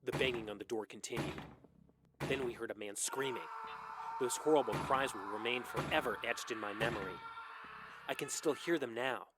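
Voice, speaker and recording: A man's voice: mid-range voice, normal speed, heavy background noise. A man narrating a scripted horror story with dramatic delivery.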